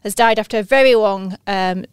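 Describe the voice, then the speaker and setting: A woman's voice: medium pitch, moderate pace, clear, resonant tone, no echo. Jokey Yorkshire woman, dry studio sound. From northern England. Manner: chatty, jokey, self-deprecating. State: pregnant. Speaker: podcast co-host. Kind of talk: casual chat.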